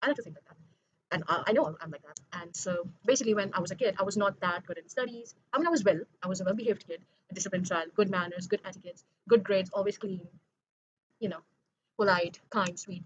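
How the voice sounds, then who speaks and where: A woman's voice: medium pitch, fast talker, lo-fi sound, a little hiss or hum. A young woman in a late-night confessional vlog monologue, rambling, correcting herself and earnest. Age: young adult. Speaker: vlogger.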